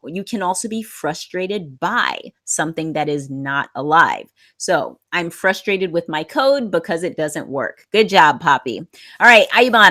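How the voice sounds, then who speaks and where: Slow, lively-voiced woman English teacher. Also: fairly low pitch. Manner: patient, encouraging, corrects gently. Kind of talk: live online class, reading student sentences.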